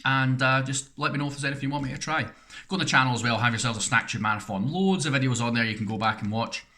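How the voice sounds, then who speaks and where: A man's voice: mid-range voice, fast, pushed and bright. A man chatting casually in a snack review vlog, rambling and poking fun at himself between bites. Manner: rambling, self-deprecating chat while eating. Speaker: snack reviewer, channel host.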